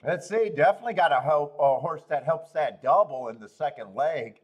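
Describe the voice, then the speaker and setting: Man loudly laughing at his own jokes. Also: on the high side, animated, brisk, lo-fi sound. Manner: loud bursts when amused. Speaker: host of a horse racing betting livestream. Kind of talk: casual livestream handicapping commentary.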